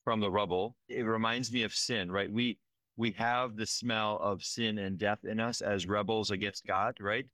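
A man with a fairly low, bright, forceful voice describes his disaster relief work in a conversational field report, earnest and emotional, repeatedly checking in with "right?". His intonation is fairly even, his speed normal, with no room sound.

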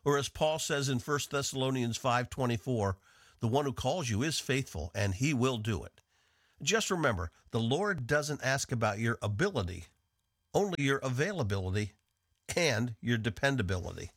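A man from the northeastern United States teaching a devotional on the radio in an earnest, measured way. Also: medium pitch, expressive, fairly bright tone, no room sound, studio quality. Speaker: radio Bible teacher and host.

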